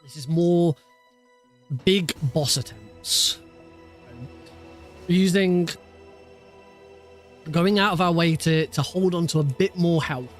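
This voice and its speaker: A man's voice: on the high side, slow, pauses often, faint music behind. A man chatting casually on a live stream. He rambles, with many fillers and restarts.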